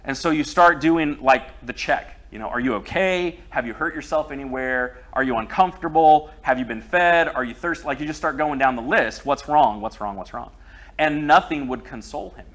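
A man's voice: fairly high pitch, brisk, few pauses, a bit bright. A middle-aged man preaching a sermon, telling a personal story in a conversational way.

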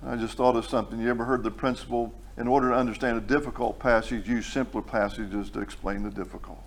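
Man preaching with slow, rising emphasis. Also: mid-range voice, fairly even intonation. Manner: swings from quiet asides to slow, loud emphatic declarations. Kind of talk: sermon.

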